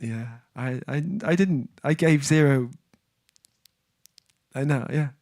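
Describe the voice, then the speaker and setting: A man's voice: mid-range voice, takes it slowly, darkish tone, no room sound, clean studio sound. A man hosting a music livestream, chatting casually and reading viewer comments. He rambles, breaks off and restarts as he tells a story. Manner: rambling, self-interrupting storyteller.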